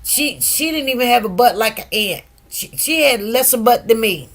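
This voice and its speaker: A woman hosting casual commentary, animated and gossipy, acting out what others said. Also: fairly high pitch, moderate pace, soft background music. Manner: animated, gossipy, laughs often, acts out quotes. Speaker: news commentary host.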